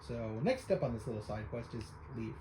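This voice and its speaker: A man's voice: mid-range voice, lively intonation, a little fast, background noise. A man giving casual, offhand let's-play commentary over a game, talking loosely with frequent fillers. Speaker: game streamer.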